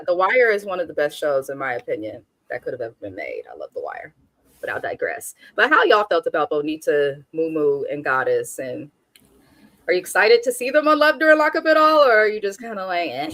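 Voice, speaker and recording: A woman's voice: sits low, very animated, a little fast, a bit bright, no room sound. Blunt, sassy woman from Oakland reviewing TV. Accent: African American Vernacular English speaker from Oakland. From Oakland, California. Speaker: reality TV review host. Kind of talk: casual recap commentary.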